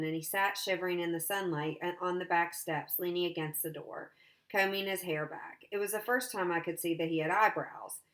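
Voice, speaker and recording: A woman teacher reading a novel aloud to her class. Her reading is steady and plain, and her voice sits a little low.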